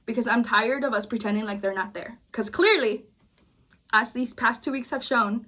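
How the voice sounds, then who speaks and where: A woman's voice: a little high, moderate pace, bright, forceful tone. A woman creator venting in a casual chat, emphatic and repeating her points for force. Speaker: video creator.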